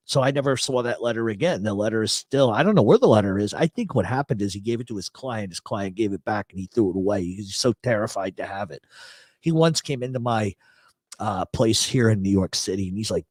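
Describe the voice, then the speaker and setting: A man's voice: fairly low pitch, expressive, fast talker, darkish tone, dry recording. A middle-aged man hosting a casual livestream from his apartment, reading chat comments and telling rambling, joking, profane stories. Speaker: host. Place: apartment in a big city.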